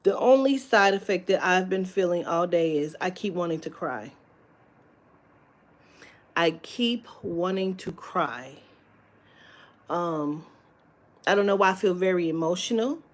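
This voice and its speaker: Woman, home live-stream host, slow, rambling and candid, salty language. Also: fairly low pitch, animated. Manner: rambling, candid, swears freely, many fillers. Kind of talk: casual live-stream chat.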